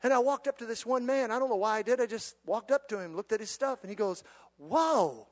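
A middle-aged man with an unusually high voice preaches a sermon to his church. He swings between fervent, shouted declarations and hushed, chatty stories. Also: fast. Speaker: pastor.

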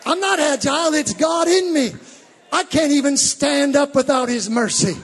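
A male preacher giving a fervent sermon, rising from teaching to shouted exhortations. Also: very high voice, normal speed, long reverb tail, a faint crowd.

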